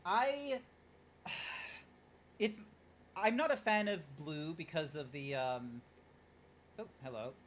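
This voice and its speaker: A man's voice: fairly high pitch, expressive, takes it slowly, long pauses, a bit bright, slight background noise. Rambling, joking male game streamer. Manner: rambling, joking, swears, talks to chat. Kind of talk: casual gameplay streaming chat.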